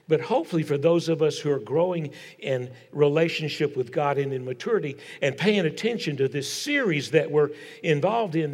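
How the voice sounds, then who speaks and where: An older man preaching in a large church, warm and folksy in his storytelling. His voice sits a little high for a man and now and then sinks to a hush for weight. Long reverb from the hall trails after his words. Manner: folksy storytelling, dropping to a hushed tone for emphasis. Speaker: pastor. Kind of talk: sermon.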